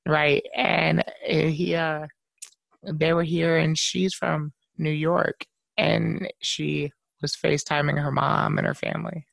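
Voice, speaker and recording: Young male podcast host, very gravelly voice, dry sound, loose and profane. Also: on the high side, little pitch movement, takes it slowly, a bit bright, no echo. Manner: laid-back, swears freely, repeats words as he starts. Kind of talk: casual podcast chat.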